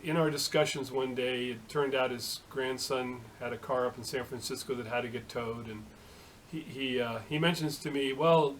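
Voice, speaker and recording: A middle-aged man talks through a casual vlog story at an ordinary pitch, halting often and filling gaps with "uh." He sounds like a home shop machinist chatting to the camera. A faint hiss sits behind his voice. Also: steady tone, a bit bright, rough recording. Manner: halting, full of uh fillers and restarts.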